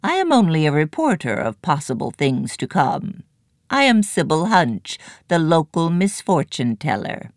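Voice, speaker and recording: A woman voicing a crooked old female fortune-teller, croaking and shrill, in a storybook reading. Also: sing-song, unhurried, dry recording, clean studio sound, exaggerated voice. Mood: croaky matter-of-fact.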